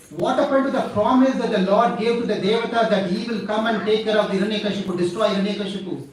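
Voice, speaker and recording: A man telling a devotional story in an animated, dramatic sermon. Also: high-pitched, fast, a little hiss or hum. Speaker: preacher. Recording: echoey hall from far off.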